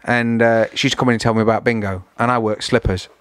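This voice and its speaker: A man's voice: medium pitch, fairly even intonation, fast talker, crowd noise. A young man as a podcast guest, telling frank, rambling anecdotes full of swearing. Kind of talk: casual chat.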